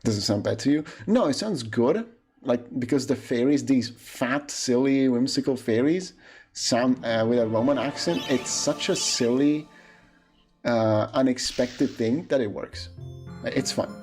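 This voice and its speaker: A man's voice: mid-range voice, a little slow, a little mellow. A man from Italy with an Italian accent, chatting casually and opinionatedly while streaming a speedrun, often restarting his sentences. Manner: musing, opinionated, hesitant with restarts. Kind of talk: casual chat while gaming. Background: game music.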